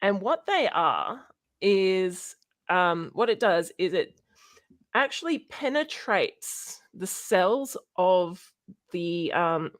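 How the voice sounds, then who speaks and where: A young Australian woman talks casually on a livestream, her voice sitting a little low. She rambles and stops often, with plenty of fillers as she works through her notes. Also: expressive. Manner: rambling, halting with many fillers. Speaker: streamer. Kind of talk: casual livestream chat about science.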